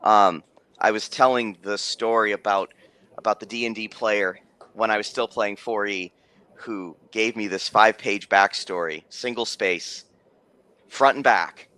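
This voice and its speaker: A man's voice: on the low side, fairly even intonation, unhurried, pushed and bright, clear, resonant tone, no room sound. A man who runs tabletop games, telling a story in casual stream chat, rambling with many restarts and fillers. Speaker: game master.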